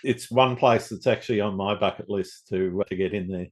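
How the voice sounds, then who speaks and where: A man hosting a podcast interview, asking questions in a relaxed way and adding short affirmations. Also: lowish voice, fairly quick. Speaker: podcast host. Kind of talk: casual interview.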